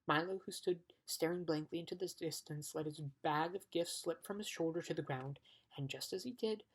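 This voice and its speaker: A woman's voice: sits low, normal speed, slightly rough, rough recording. A woman reading a storybook aloud as an audiobook, with occasional stumbles and restarts. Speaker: audiobook reader.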